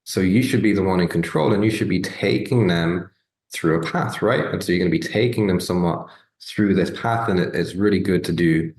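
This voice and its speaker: A man's voice: deep voice, brisk, vocal fry, a little mellow, echoey room. A man teaching sales skills in a casual, earnest talk, often checking in with "right?" and "okay?". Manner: conversational, repeated "right?" and "okay?" check-ins. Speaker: sales coach. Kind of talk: business training talk.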